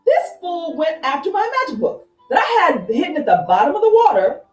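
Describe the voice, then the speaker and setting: A woman's voice: high voice, big pitch swings, brisk, pitched above the performer's own voice. A woman voicing an indignant male god who accuses a mortal before a tribunal of gods. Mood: outraged. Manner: outraged, accusing. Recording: echoey room, far from mic, faint music.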